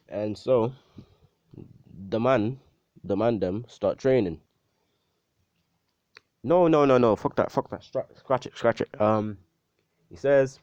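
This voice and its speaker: A man's voice: on the low side, unhurried, pauses often, a little mellow, muffled recording. A young man casually improvising a fan fiction story, rambling and slangy, often correcting himself.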